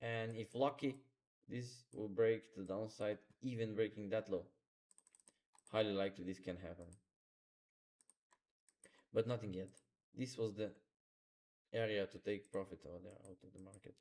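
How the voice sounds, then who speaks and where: A man's voice: on the low side, steady tone, normal speed, pauses often, a little mellow. Man talking through charts live. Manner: instructive, repeats phrases, non-native grammar. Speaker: trading streamer. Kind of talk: live market commentary.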